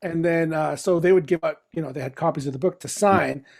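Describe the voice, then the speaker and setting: A middle-aged man, a comic writer appearing as a podcast guest, telling lively anecdotes and laughing as he acts out what people said. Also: on the high side, a little fast, creaky. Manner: animated, laughing storyteller who acts out quotes. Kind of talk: casual anecdotal storytelling.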